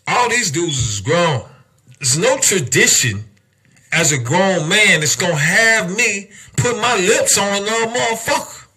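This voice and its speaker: Young male podcast host, emphatic and heated, with a bright, sharp, husky tone. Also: sits high, sing-song, unhurried. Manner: heated, emphatic, heavy cursing, rhetorical questions. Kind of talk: profane rant on a podcast.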